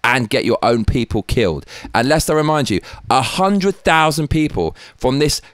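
A man's voice: mid-range voice, lively intonation, moderate pace, fairly bright tone, no room sound. A man hosting his own show, heated, angry and heavily profane in his political commentary. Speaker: host.

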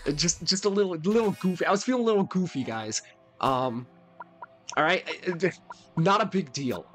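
A man's voice: on the high side, moderate pace, soft background music. A man giving playful gameplay commentary, talking directly to his viewers. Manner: playful, talks to viewers, animated. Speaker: let's play host.

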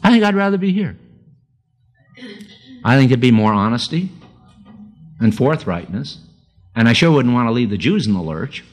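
An older man from the Northeast of the United States delivers a sermon at the pulpit in a folksy, plain-spoken way. He mixes self-deprecating asides with personal storytelling. His voice sits at an ordinary middle pitch but jumps high when he stresses a point. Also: sing-song, moderate pace, pauses often, faint music behind. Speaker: preacher.

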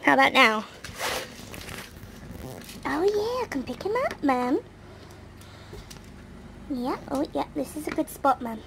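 A woman's voice: high-pitched, very animated, slow, creaky, long pauses, background noise, pitched below the performer's own voice, exaggerated voice. A woman voicing a chatty young female pet dog, narrating her own doings in a chirpy, baby-ish way.

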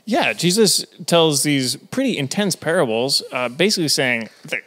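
A man talks earnestly on a podcast, getting a little soapboxy as he explains an idea. His voice sits a bit higher than most men's. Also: very animated, normal speed, few pauses, a bit bright. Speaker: ministries lead, guest. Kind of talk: casual podcast chat.

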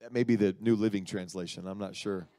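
A man preaching a sermon, retelling a story in an animated, folksy way and acting out the voices. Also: on the low side, quick pace, no echo.

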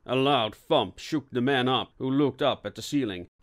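A man reading scripted narration for an audiobook in a steady, even storytelling manner. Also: medium pitch, normal speed.

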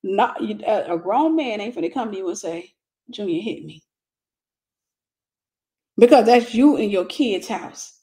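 A woman's voice: mid-range voice, animated, normal speed, hardly any pauses, warm tone. Woman relationship teacher, casual and blunt with a comic streak. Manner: blunt, humorous, colloquial.

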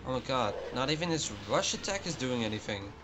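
A man's voice: medium pitch, big pitch swings, a little fast, background noise. A young man commentating his own gameplay, frustrated, swearing and muttering to himself. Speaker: let's play host.

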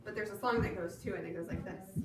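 A woman's voice: mid-range voice, very fast. A woman librarian leading a children's storytime, speaking in a patient, encouraging teacher's manner. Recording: echoey room from far off, clear background noise.

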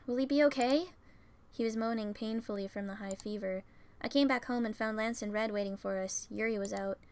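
A woman reading a visual novel game aloud, narrating plainly and breaking in with swearing and joking reactions. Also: mid-range voice. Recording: faint music behind.

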